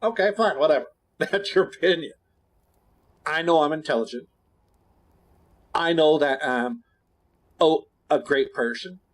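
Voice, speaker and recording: A man streaming, chatting with his viewers in a blunt, candid, rambling way that often drops suddenly to a quiet mumble. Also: fairly high pitch, measured pace, pauses often. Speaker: gaming streamer. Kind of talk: casual chat to stream viewers.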